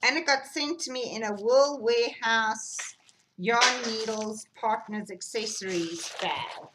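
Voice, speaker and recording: A South African woman hosting a knitting podcast, chatting casually and gushing excitedly over gifts and yarn, sometimes dropping to a whisper. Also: a little high, slow pace, heavy background noise. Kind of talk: casual unboxing chat.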